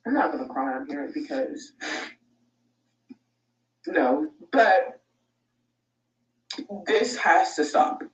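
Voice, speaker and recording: A woman's voice: fairly low pitch, sing-song, takes it slowly, pauses often, far from the mic. A woman in an emotional vlog rant, swearing, upset and close to tears. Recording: echoey room, away from mic.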